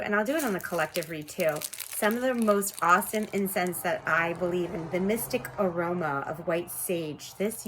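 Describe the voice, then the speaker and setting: A woman in her thirties with a fairly low voice hosts a casual tarot reading from home. She rambles warmly to her viewers and laughs often as she talks. A faint hiss sits under the recording. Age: 30s. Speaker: tarot reader.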